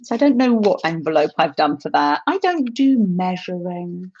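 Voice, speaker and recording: A woman's voice: fairly low pitch, sing-song, normal speed, few pauses, darkish tone, breathy edge, lo-fi sound. A woman hosting a craft livestream, chatting to viewers in a giggly, rambling way while demonstrating. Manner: chatty, giggly, restarts often. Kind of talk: casual craft demonstration to live chat.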